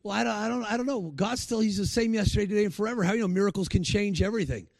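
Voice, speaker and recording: A man's voice: high voice, racing, creaky, a little mellow, dry recording. A male preacher giving a sermon, telling stories and acting out the people he quotes. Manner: storytelling, acts out the people he quotes.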